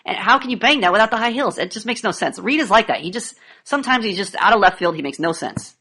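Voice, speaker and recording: A woman conducting a comedic interview, pushing with sarcastic, deadpan and provocative questions. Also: mid-range voice, quick pace, slightly rough.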